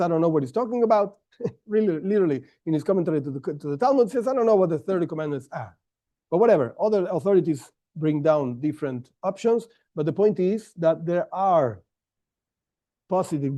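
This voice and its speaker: A man's voice: fairly high pitch, warm tone. Man teaching a Torah class, stressing words. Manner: explanatory, stresses key words, frequent restarts.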